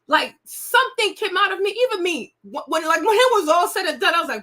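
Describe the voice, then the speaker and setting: A woman's voice: extremely high pitch, expressive, fast talker, few pauses, pushed and bright. A woman in her thirties talking casually and emotionally to her viewers, confiding and repeating herself for emphasis. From United States. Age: 30s. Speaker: host. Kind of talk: casual chat to camera.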